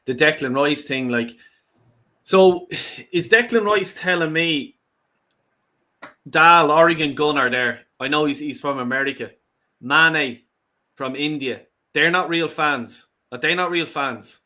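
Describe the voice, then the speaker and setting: A man co-hosting a fan channel vents with indignation, stumbling over his restarts. His voice is bright and tense, sitting a little high. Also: a little slow. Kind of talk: heated casual fan talk.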